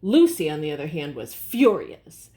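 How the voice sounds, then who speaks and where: An older woman with a fairly low voice reads a picture book aloud to her grandchildren. She pauses to explain words gently and point out the pictures. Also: very animated. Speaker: storybook reader.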